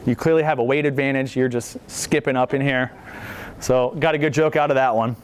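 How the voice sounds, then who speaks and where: Speaking fairly quickly in a steady, medium-pitched voice, a veteran speaker in his thirties gives a storytelling presentation at a library talk. He jokes casually with the audience and performs the quoted lines, with a little hiss or hum in the audio.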